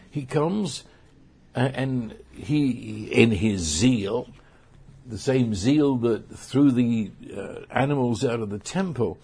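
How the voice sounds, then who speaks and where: A man preaching a sermon, slow and emphatic, often restarting his phrases. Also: mid-range voice, gravelly, darkish tone, husky.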